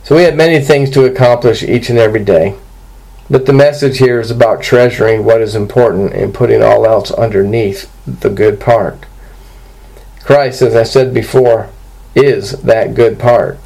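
A male pastor delivers an earnest expository sermon, stepping carefully through scripture. His voice sits at an ordinary middle pitch with a gravelly, rough edge to it. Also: a little mellow, rough recording.

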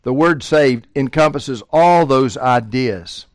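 A man preaching a sermon, swinging from quiet asides to loud, emphatic quotations of scripture. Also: mid-range voice, slow, no room sound, studio quality.

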